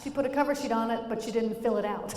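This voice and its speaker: A woman's voice: a little high, quick pace, heavy background noise. A middle-aged woman comedian telling a personal story in a chatty way, laughing between lines.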